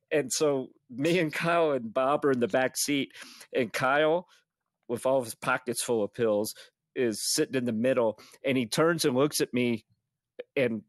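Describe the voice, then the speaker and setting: Brief: male podcast host, mid-pitched, rambling storyteller, dry close sound. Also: no room sound. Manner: rambling, laughs often. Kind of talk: casual storytelling chat.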